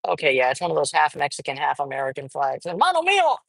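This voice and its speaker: A woman's voice: a bass voice, fairly even intonation, fast talker, vocal fry, no echo, poor audio. Rambling, cursing woman vlogging from a car. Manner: rambling, profane, many fillers. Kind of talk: casual chat while driving. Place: inside a car.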